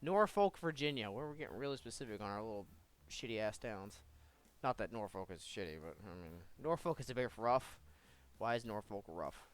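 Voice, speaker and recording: A man's voice: fairly low pitch, expressive, normal speed, clean tone. Joking, profane young man playing a game. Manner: profane, joking, mumbling asides. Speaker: gamer. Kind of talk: let's play commentary.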